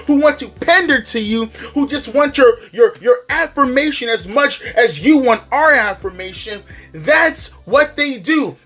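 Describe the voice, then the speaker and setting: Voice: mid-range voice, fairly bright tone. D2: A wrestling commentary vlogger ranting heatedly. The vlogger speaks emphatically and swears in almost every sentence.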